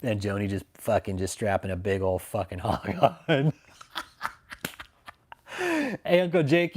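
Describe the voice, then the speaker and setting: A man's voice: mid-range voice, a little mellow. Profane man mocking on a livestream. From Texas. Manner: profane, mocking, laughs often. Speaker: livestream host. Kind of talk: casual livestream chat.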